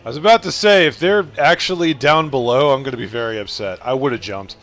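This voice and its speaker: A man streaming a fantasy game, joking casually with loud bursts and swearing while he plays. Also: mid-range voice, a little fast. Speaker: gaming streamer.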